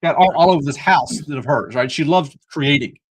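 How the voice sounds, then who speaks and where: A man hosts a livestreamed Bible study, talking to his viewers in an earnest, preacherly way. His voice is husky and sits a little high. He breaks up the teaching with jokey asides. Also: lively intonation, a little fast, low-quality recording. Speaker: podcast host.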